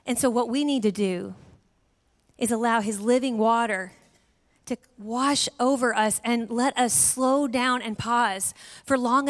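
Middle-aged woman, lively sermon storyteller, higher voice, long hall reverb. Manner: animated storyteller, acts out voices. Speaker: guest speaker.

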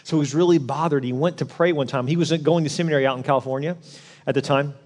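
A man delivering a sermon in a slightly higher-pitched voice. He tells his story earnestly and presses his points home with emphasis. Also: fairly even intonation, quick pace, a little mellow. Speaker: pastor.

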